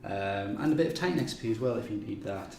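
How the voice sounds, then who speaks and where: A man's voice: mid-range voice, expressive, fast, creaky, darkish tone. A man hosting a game live stream, running through upcoming events in a loose, chatty way with plenty of ums and restarts. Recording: echoey room with faint noise.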